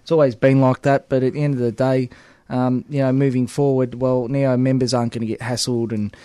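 A man's voice: mid-range voice, flat delivery, brisk, warm tone, clear, resonant tone, no room sound. An Australian man working as a union organiser, talking casually and leaning on fillers like "obviously" and "at the end of the day". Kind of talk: casual podcast chat.

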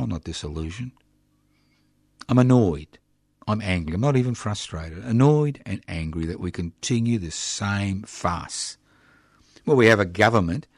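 A man's voice: deep voice, gravelly, dry recording, studio quality. An older man hosting a radio show, giving passionate, indignant political commentary with mocking asides. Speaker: radio host.

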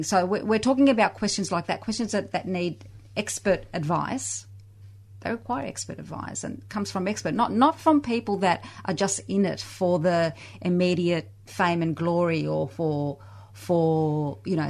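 A woman interviewed as a guest on a community radio show, answering at length with many restarts and repeated words. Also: fairly low pitch. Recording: radio studio.

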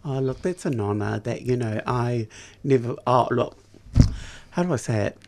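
A woman's voice: a bass voice, animated, moderate pace, noisy background. A trans woman in her fifties, from Samoa, telling stories as a guest in a casual interview, sassy and playful. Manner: sassy, playful storyteller who acts out quoted voices.

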